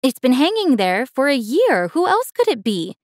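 A woman's voice: high voice, sing-song, moderate pace, darkish tone, dry recording, studio quality. A woman narrator voicing a grieving, controlling wealthy mother who speaks sharply and insistently.

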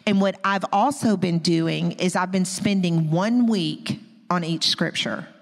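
A woman's voice: fairly low pitch, measured pace. A woman in her fifties giving a personal, conversational teaching message at a women's conference, talking straight to the audience. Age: 50s. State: close to tears. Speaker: women's ministry speaker. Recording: long echo of a large hall.

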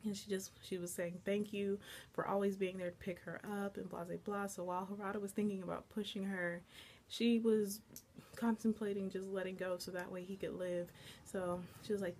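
A woman's voice: lowish voice, little pitch movement, fairly quick, a little mellow, a little hiss or hum. A young woman casually recapping and reviewing an anime episode, chatty and full of filler words. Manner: chatty, lots of "like" and "blah, blah, blah".

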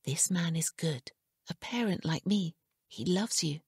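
A gentle mother figure in an audiobook, hushed and soothing, her voice breathy and close. A woman reads her in a soft, slow murmur. The sound is dry and intimate. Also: lowish voice, animated, no room sound, exaggerated voice. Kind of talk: audiobook character reading.

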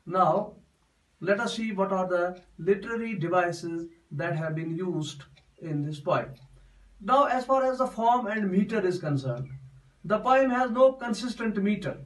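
A man explains a poem as a classroom lesson, going over each point again and again with restarts. His voice sits high, and he sounds set back from the microphone. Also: lively intonation, a little slow, far from the mic, poor audio. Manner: repetitive, explains step by step with many restarts. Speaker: teacher.

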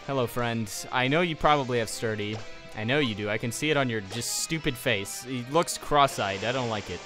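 A man's voice: mid-range voice, brisk, music in the background. A young man giving casual let's play commentary, exasperated and ranting at the game, with a sniffly nose.

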